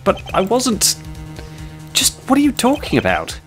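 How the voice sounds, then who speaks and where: A man voicing a determined young female rabbit cop in a high, urgent put-on voice. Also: huge pitch swings, measured pace, a bit bright, faint music behind, full character voice.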